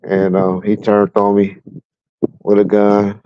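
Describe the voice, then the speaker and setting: He speaks slowly on the low side in a completely flat delivery with long pauses, his mellow voice clear and resonant, no echo, highs cut off. A middle-aged Southern California man, he's a guest on a casual livestream at home with a fan running, chuckling through blunt, profane stories of his police career.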